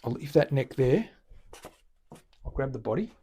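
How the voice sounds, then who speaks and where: Here the Australian luthier sounds husky, with a medium pitch and a normal pace. Chatting easily through his workshop live-stream, he explains each step as he goes.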